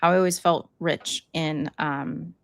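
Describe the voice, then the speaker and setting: Chatty low-voiced co-host woman. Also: steady tone, a little slow, vocal fry, no echo. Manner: chatty, lots of likes and you-knows, laughs easily. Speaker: podcast co-host. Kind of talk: casual chat.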